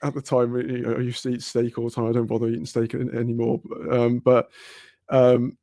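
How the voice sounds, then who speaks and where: A man's voice: medium pitch, monotone, a little fast, warm tone, no echo. A man telling a long casual story on a podcast, rambling, swearing and laughing often. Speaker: podcast host.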